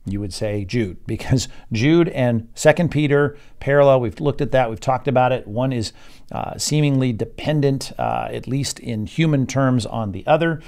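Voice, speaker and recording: A man teaching an evening Bible study as its pastor, reading verses aloud and explaining them while thinking aloud, with many pauses and repeated words. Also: medium pitch, vocal fry, a little mellow. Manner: reads scripture aloud then explains it.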